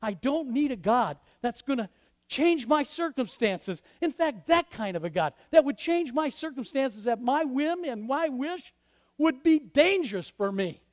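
A man with a notably high voice delivers a sermon from the pulpit. He swings from loud, emphatic declarations down to hushed, almost whispered passages, speaking as a pastor to his congregation. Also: sing-song, a little slow. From Michigan.

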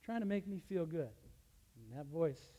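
A man, a teacher, telling a personal story as a testimony, animated and with his voice rising sharply in the retold scenes. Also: fairly high pitch, a little slow. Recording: long reverb of a large hall.

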